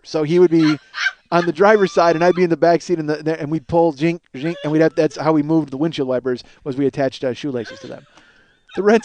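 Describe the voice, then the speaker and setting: With a fairly high pitch and a darkish tone, a middle-aged man from the Chicago area hosts a podcast monologue of rambling, foul-mouthed comic stories at his own expense, performing bits of dialogue along the way.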